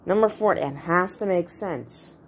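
Low-voiced woman giving a rambling lesson. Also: unhurried, slight background noise. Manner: rambling, self-correcting, playful. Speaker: writing tutorial host. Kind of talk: casual video tutorial.

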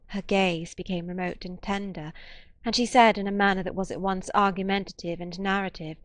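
A woman's voice: fairly low pitch, fairly even intonation, normal speed, no room sound. Woman narrating a literary audiobook.

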